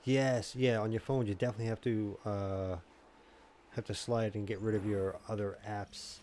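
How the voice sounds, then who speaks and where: A man in his thirties chatting casually and rambling with jokes while he live-streams a game, now and then breaking into loud mocking shouts. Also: on the low side, level tone, moderate pace, a little hiss or hum. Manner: rambling, jokey, shouts in bursts when mocking. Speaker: gaming streamer. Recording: game gunfire audible in background. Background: game gunfire and explosions.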